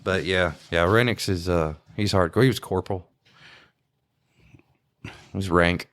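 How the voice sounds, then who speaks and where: A man's voice: low voice, measured pace, fairly bright tone. A man, co-hosting a podcast and telling rambling, profane stories of police work with plenty of laughs. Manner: rambling, profane, laughing, mimics others' voices. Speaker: podcast co-host, small-town police officer. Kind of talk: casual storytelling chat.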